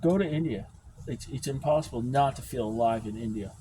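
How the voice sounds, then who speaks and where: An American man telling a work story as a casual, profane, animated rant. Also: mid-range voice, fairly quick, a little hiss or hum. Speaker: field service technician.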